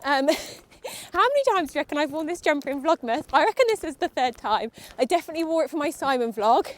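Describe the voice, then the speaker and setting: A young woman vlogs while riding her horse in an outdoor arena, chatting nervously to the horse and her viewers. Her high voice is animated and quick.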